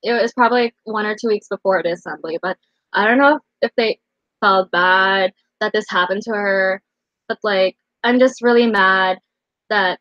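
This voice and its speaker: A woman's voice: medium pitch, normal speed, fairly bright tone, dry recording, lo-fi sound. A young woman in her late teens rambling emotionally through a casual storytime vlog, full of fillers. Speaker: vlogger.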